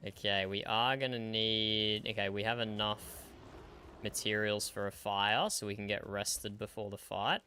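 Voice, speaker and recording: A male game streamer talks at his desk mic in a bright, crisp voice sitting a little low. He keeps a dry, matter-of-fact tone and chuckles now and then. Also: steady tone, measured pace, faint music behind. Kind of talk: casual gaming livestream chat.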